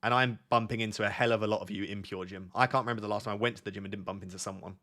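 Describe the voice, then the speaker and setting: A man's voice: on the low side, fairly even intonation, racing, pushed and bright. A young man hosting a livestream in casual chat, laid-back and joking, rambling with lots of fillers. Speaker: livestream host. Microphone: on a mic near the camera.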